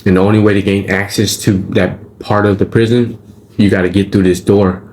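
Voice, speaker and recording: Deep-voiced man telling a prison story. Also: flat delivery, brisk, darkish tone. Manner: profane street slang, frequent "right?" and "you feel me?". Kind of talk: casual storytelling.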